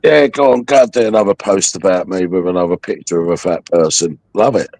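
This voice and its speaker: A man's voice: deep voice, a little fast, gravelly, darkish tone, no echo. A man hosting a livestream, taunting a viewer in a mocking, aggressive rant full of swearing. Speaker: livestream host.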